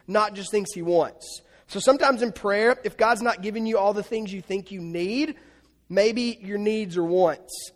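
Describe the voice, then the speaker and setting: Casting: high-pitched male preacher, thirties, casual storytelling delivery, long hall reverb. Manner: conversational, illustrates with family stories. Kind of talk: sermon.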